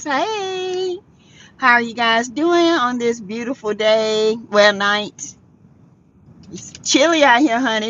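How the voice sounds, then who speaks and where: A woman's voice: high-pitched, fairly bright tone. A woman hosting a casual live chat, tired, laughing often and greeting viewers by name. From South Carolina. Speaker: livestream host. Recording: dull lo-fi sound.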